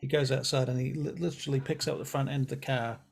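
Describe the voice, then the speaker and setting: A man with a gravelly, husky voice narrates a tabletop role-play as game master. He talks in a relaxed, joking way. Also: medium pitch, fast.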